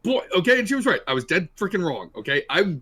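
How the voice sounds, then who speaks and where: Man, podcast co-host, higher-pitched, excitable, casual storytelling. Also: quick pace, slightly rough. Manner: excitable, acts out his panic.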